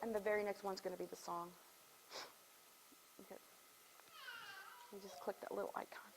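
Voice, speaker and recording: A woman in her fifties gives a heartfelt, halting speech at an event, choked up at times. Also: medium pitch, flat delivery, gravelly, noisy background. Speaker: guest speaker.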